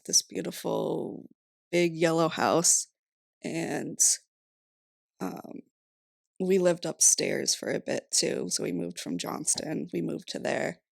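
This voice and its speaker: A woman's voice: lowish voice, creaky, dry recording, studio quality. A young woman in her twenties from Rhode Island, chatting casually as a podcast guest, laughing often and saying "like" a lot. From Rhode Island, USA. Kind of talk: casual interview chat.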